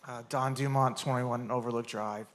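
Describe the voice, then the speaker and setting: A man's voice: medium pitch, steady tone, moderate pace, a bit bright. A man, a local resident, making a matter-of-fact public comment at a town meeting.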